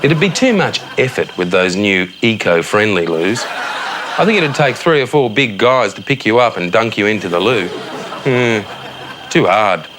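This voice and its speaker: A blithely tactless Australian suburban dad talks to his son at bedtime, chummy and breezy, with his pitch swinging up and down. Crickets and hiss sit clearly behind his voice in the night-time bedroom. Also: expressive, a little slow, crowd noise. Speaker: father tucking his son into bed. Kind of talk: TV sketch comedy acting. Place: child's bedroom at night, a TV set.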